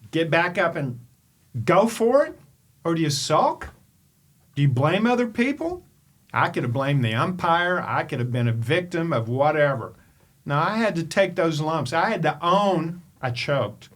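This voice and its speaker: An older man from Kentucky, a podcast host and coach, telling a story in an animated, emphatic way and firing off rhetorical questions. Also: on the high side, unhurried. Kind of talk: storytelling monologue.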